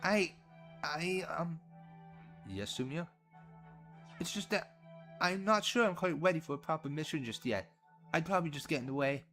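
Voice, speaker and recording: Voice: medium pitch, normal speed, long pauses, fairly bright tone, faint music behind, natural voice. A performer voicing a shy, flustered young woman knight who stammers. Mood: nervous. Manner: stammering, nervous.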